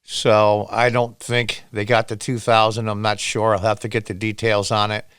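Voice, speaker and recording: A middle-aged man from upstate New York hosting solo political commentary in a sarcastic, emphatic, lively way. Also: lowish voice, normal speed, clear, resonant tone, no room sound, clean studio sound.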